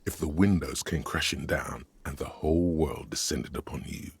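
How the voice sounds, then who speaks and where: A man voicing the deep, gravelly inner narrator of a detective game, speaking in grave, measured tones.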